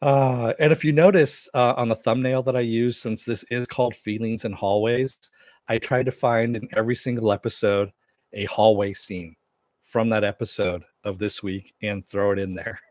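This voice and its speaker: A man hosts a relaxed home stream, reading viewer comments and rambling through TV episodes with plenty of fillers. His voice sits low, and the sound is dry and close. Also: normal speed, dry recording. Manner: rambling, loose, with many fillers and restarts. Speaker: show host. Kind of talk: casual live-stream chat with viewers.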